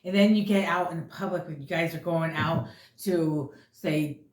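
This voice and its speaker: A woman's voice: low voice, normal speed, darkish tone. A woman giving a casual tarot reading, talking bluntly and with a lot of swearing as she rambles. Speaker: tarot reader. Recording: echoey room.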